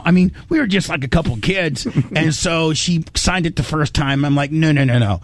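A man's voice: a little high, moderate pace, few pauses, no echo. A man hosting a radio show, rambling and stammering as he reminisces on a call. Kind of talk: emotional radio phone conversation.

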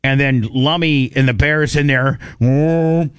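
A man hosting a radio show, telling rowdy stories in a rambling, animated way, often restarting and repeating words. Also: a little slow, clean tone, no room sound. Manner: jumps to high excited voice when quoting. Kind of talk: casual storytelling chat.

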